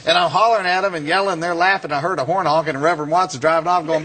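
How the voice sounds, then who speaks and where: A man, a guest in an interview who tells a lively story and often laughs. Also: on the high side, racing, noisy background. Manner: laughing, lively anecdote telling. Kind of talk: animated storytelling.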